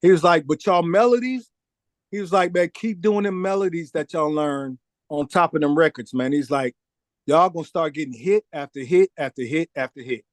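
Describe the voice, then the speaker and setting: A man's voice: fairly high pitch, moderate pace, no room sound, clean studio sound. A man telling a long story in a casual interview, acting out the voices of the people in it and saying "man" often. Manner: animated storyteller, acts out quoted voices, says "man" a lot. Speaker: record producer guest.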